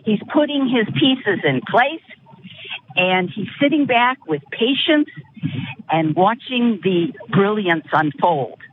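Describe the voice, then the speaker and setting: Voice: medium pitch, expressive, slow pace. A radio caller making an earnest case with building emphasis. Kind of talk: phoning in to a talk radio show. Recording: tinny phone line with faint noise.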